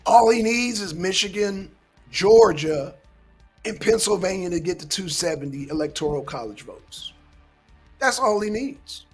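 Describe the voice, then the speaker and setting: Husky man lecturing on politics. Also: high-pitched, expressive, a little slow, faint music behind. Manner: lecturing, emphatic, swears often. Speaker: political commentary host. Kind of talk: casual political commentary.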